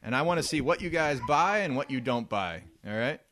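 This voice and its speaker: Animated, bright-voiced podcast man. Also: mid-range voice, a little fast. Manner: ranting, laughs often, animated. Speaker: podcast co-host leading topics. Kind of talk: casual podcast banter.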